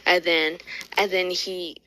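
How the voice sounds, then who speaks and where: A woman tells a fan story in a casual, rambling way, stumbling over restarts and filling gaps with "like". Her voice sits a little low but comes across bright and forceful. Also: little pitch movement, takes it slowly, slight background noise, poor audio. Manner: rambling, restarts often, says "like".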